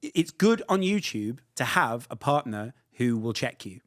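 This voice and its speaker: A man's voice: mid-range voice, big pitch swings, measured pace, a bit bright. A man guesting on a chat podcast, dropping dry self-deprecating jokes. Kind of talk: casual chat.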